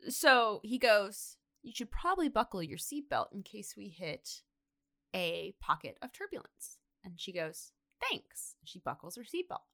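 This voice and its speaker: Woman podcaster, bright tone, chatty animated storyteller. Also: mid-range voice, a little slow. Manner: animated storyteller acting out quotes, lots of "like". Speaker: podcast co-host. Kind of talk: casual comedic retelling.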